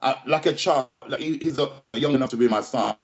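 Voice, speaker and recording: A man's voice: mid-range voice, fairly quick. A middle-aged man, a boxing trainer telling his story as an interview guest in an emphatic way, repeating phrases and checking in with "yeah?". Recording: slightly dull lo-fi audio.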